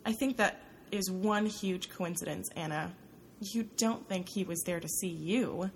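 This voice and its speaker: A woman's voice: lowish voice, a little hiss or hum. A woman voicing a bossy young journalist. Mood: insistent. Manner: emphatic, pushy and quick.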